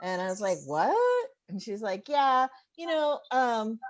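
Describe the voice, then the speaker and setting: A woman comedian in her forties doing a stand-up set, telling animated stories and laughing at her own jokes. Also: fairly high pitch, unhurried. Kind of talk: stand-up set over a live stream. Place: home bar.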